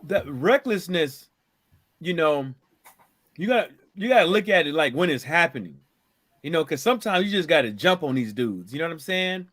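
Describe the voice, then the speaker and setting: A man with a high voice argues his points on a casual boxing panel. He is emphatic and insistent, and keeps checking that he is understood. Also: animated, normal speed, fairly bright tone. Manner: emphatic, insistent, keeps saying "you know what I'm saying". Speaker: panel guest.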